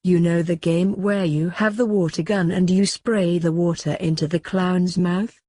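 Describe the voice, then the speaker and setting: A woman reading a crude story aloud in a deadpan, sardonic manner. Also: fairly low pitch, a little slow, no room sound, studio quality. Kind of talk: scripted story narration.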